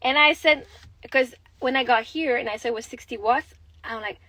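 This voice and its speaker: High-voiced Québécois woman chatting candidly. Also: moderate pace, sharp tone, no room sound, poor audio. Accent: Québécois French. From Quebec, Canada. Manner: candid, rambling, swears freely. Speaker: livestreaming mother. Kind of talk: casual livestream chat.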